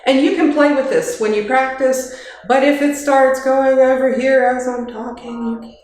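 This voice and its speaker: A woman's voice: high voice, fairly even intonation, moderate pace, darkish tone. A woman gives a casual workplace training talk, practical and chatty, with light joking asides. She speaks into a handheld microphone. Her voice rings around a very echoey kitchen.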